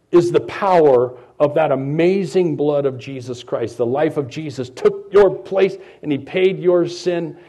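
A middle-aged man preaching a sermon, swinging between loud emphasis and quiet, confiding asides. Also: fairly high pitch. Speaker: pastor.

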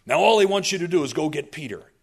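A man voicing a solemn male angel messenger, speaking in a slow, booming way. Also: lively intonation, slightly rough.

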